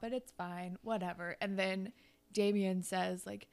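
A young woman casually recapping a TV episode, laughing often and quoting characters in high voices. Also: fairly even intonation, measured pace, vocal fry, clean tone.

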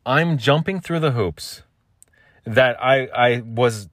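This solo podcast host speaks slowly at a medium pitch with a fairly bright tone, captured dry and clean in a studio. His casual complaining rant is full of frustration, repetition and frequent swearing, with the listener addressed as "man" and "dude."

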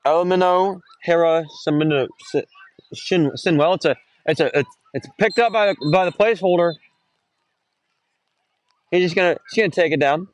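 Casual young man calling high school football. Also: normal speed. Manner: rambling, self-correcting, rising excitement on big plays. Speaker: play-by-play announcer. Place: outdoors at a cold football game. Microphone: phone.

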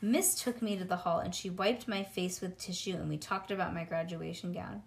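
Woman reading a kids book out loud, lively, kinda childlike. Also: fairly low pitch, normal speed, gravelly. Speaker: reader. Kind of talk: storybook reading in child's first person.

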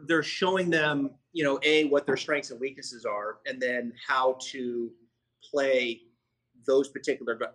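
Bright, husky-voiced podcast host man. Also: mid-range voice, poor audio. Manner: conversational, frequent fillers and self-corrections. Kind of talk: casual podcast chat.

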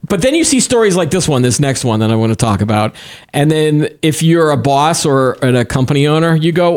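A man's voice: on the high side, expressive, normal speed, darkish tone. A man co-hosting a podcast, chatting casually about news stories and reading quotes aloud with easy laughs. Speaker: podcast co-host.

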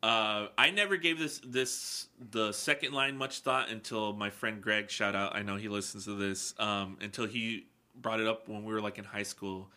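A young man with a very bright, sharp-edged voice, hosting a relaxed podcast chat. His talk is rambling and loose, full of swearing, and he laughs easily. His pitch sits a little low. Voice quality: rambling, profane, quick to laugh. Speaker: podcast host. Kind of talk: casual chat.

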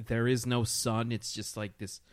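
A man's voice: medium pitch, level tone, measured pace, no echo. Male co-host, casual and profane, mid-range voice, dry mic. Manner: profane, loose storytelling with many fillers. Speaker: podcast co-host. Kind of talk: casual chat.

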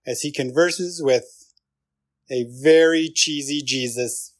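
A man's voice: a little high, slow pace. A man leaving a recorded listener message for a podcast, playful with mock-grand announcing.

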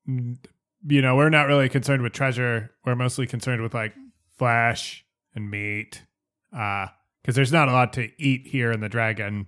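Man doing a casual, deadpan mutant scavenger chief in a tabletop game. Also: mid-range voice, close to an everyday voice. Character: mutant scavenger leader, matter-of-fact.

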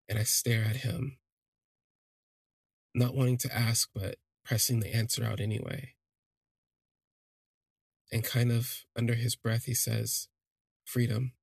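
A man narrates his own story for a podcast, thoughtful and a little hesitant, circling back on his words as he goes. His voice sits at a middling pitch with a gravelly, husky grain. The sound is close and dry. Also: no echo. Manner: reflective, hesitant, frequent restarts. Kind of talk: first-person storytelling podcast.

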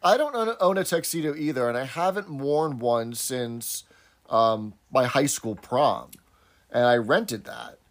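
A man's voice: mid-range voice, unhurried. A man co-hosting a podcast, chatting casually and recapping scenes. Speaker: podcast co-host. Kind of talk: casual chat.

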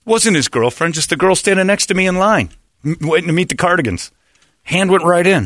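A man's voice: high-pitched, animated, fairly quick, fairly bright tone, dry recording, clean studio sound. A middle-aged man hosting a podcast, telling rambling, crude, jokey stories in casual chat. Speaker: podcast host.

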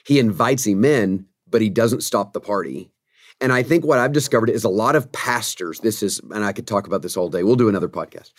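Earnest low-voiced pastor on a podcast. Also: male voice, a little fast, no echo, studio quality. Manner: earnest, preacherly, emphatic about conviction. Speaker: pastor and author, guest. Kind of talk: podcast interview conversation.

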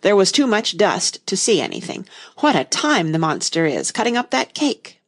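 A woman voicing a tired, gruff male lion in a storybook, yawning and growling. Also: mid-range voice, huge pitch swings, moderate pace, dry recording, studio quality. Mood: sleepy gruff. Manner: lazy, growling.

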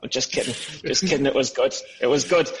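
A man's voice: medium pitch, quick pace, slight background noise, rough recording. A young man hosting a podcast, chatting casually and teasing his co-host. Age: young adult. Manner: joking, teasing. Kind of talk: casual chat.

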